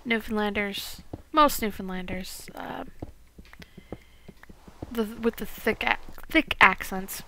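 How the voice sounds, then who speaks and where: Midwestern american lady in her 40s chatting over gameplay, crackly voice, bright tone, kinda rambly w/ whispery bits. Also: mid-range voice, takes it slowly, vocal fry, pauses often. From Iowa, United States. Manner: rambling, with half-whispered asides and swearing. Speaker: gaming video host. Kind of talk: casual gameplay chat.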